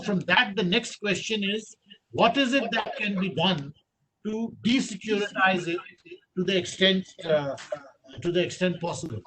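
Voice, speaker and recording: A man with an Indian English accent giving a formal policy lecture over a video call, measured and halting, with frequent "uh" fillers. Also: high voice, background noise. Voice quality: measured, with many pauses and 'uh' fillers.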